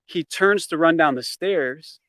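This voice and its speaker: A guest in a casual interview tells a story from his past, speaking a little slowly in a fairly high, fairly bright voice with no echo. He curses freely and performs the dialogue as he goes.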